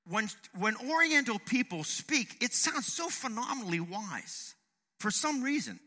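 Brief: middle-aged male pastor, lively and emphatic, bright cutting tone. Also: very high voice, a little slow. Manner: emphatic, swings from loud to hushed. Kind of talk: sermon. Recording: long hall reverb.

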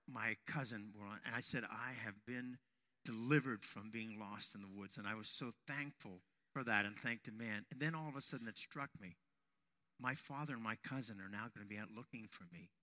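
A man preaching a sermon to young men, telling a personal story and raising his voice to a shout at dramatic moments. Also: medium pitch, normal speed. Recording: long hall reverb.

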